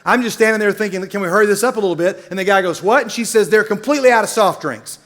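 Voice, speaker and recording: A man's voice: high voice, fast. A middle-aged man from Middle Tennessee, telling a comic story in a sermon as a university speaker, acting out the people in it. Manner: animated, comic storyteller who acts out characters.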